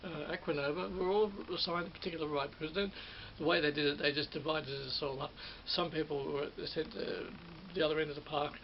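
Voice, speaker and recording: Middle-aged aussie guy rambling on, gravelly, somewhat high voice, dull recording w/ faint hiss. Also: fairly even intonation, fast, hardly any pauses. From Australia. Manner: rambling, repeats and corrects himself. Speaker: former ride operator reminiscing. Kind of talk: casual spoken reminiscence.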